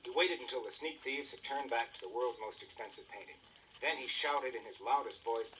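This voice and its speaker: Bright male storyteller on an old record. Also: mid-range voice, animated, brisk, far from the mic, slight background noise, rough recording. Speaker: narrator.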